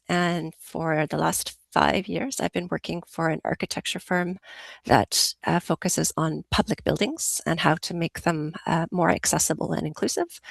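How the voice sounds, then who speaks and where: Hoarse woman with a cold, video call. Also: low-pitched, no room sound. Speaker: committee member, accessibility professional. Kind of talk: introduction at a committee meeting.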